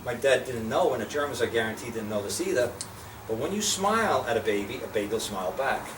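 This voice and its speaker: Speaking fast at medium pitch, an older man from the United States spins blunt, profane stories for a small group, animatedly acting out quoted voices as he shares life lessons. The recording is distant and roomy, with noticeable background noise.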